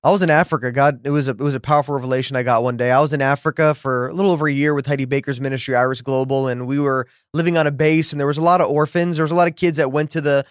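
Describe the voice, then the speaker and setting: In a clean, echo-free studio recording, a male podcast host with a mid-range voice and steady tone talks rapid-fire with few pauses. The conversation is casual: he affirms his guest, offers lots of mm-hmms, and shares a story.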